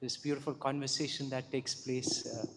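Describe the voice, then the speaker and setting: A man's voice: medium pitch, level tone, normal speed, heavy background noise. Effusive man giving thanks in a hall. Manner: warmly effusive, laughing between phrases. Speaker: devotee thanking the speaker. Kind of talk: gracious thanks. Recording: long hall reverb.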